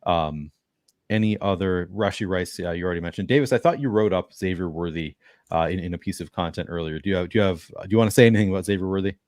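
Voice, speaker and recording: A man hosting a casual fantasy football podcast, quick and agreeable, steering the talk with questions. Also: low-pitched, a little mellow, no room sound, studio quality. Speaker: podcast host.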